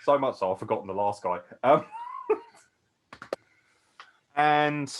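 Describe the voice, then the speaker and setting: A tired man co-hosting a wrestling podcast, gushing excitedly and swearing a lot as he rambles. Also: medium pitch, slow, a little hiss or hum. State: tired from no sleep. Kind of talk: excited casual chat.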